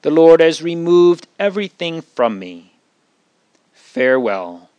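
A man's voice: a little high, very animated, takes it slowly, a little mellow, no echo, voice pushed up. A man voicing a grieving elderly widow, earnest and pleading, in a read-aloud Bible story.

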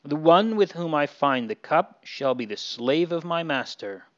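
A decisive male steward handing down terms, as a man reading a story puts him on. He speaks slowly in a smooth voice, and the recording is dull and lo-fi. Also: a little high, lively intonation, a bit bright, pitched above the performer's own voice. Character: confident male Egyptian steward.

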